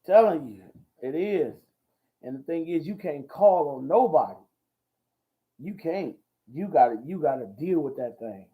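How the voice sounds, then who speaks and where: A man hosting a ministry talk show, talking in a folksy, preachy way, repeating himself and whooping with excitement. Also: fairly high pitch, measured pace. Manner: exclamatory and repetitive, whooping with excitement. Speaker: host. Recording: dull lo-fi audio.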